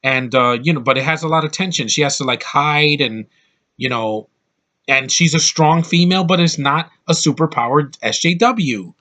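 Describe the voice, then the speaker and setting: Bright-voiced man ranting about a film. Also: fairly high pitch, moderate pace. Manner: rambling, opinionated, blunt, frequent restarts. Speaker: film reviewer. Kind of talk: casual film review monologue.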